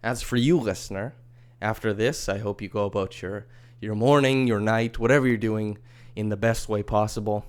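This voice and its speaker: A man's voice: lowish voice, normal speed, clear, resonant tone. A man hosting a solo sports podcast, talking in a chatty, wry, easygoing way. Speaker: podcast host. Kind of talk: casual solo podcast commentary.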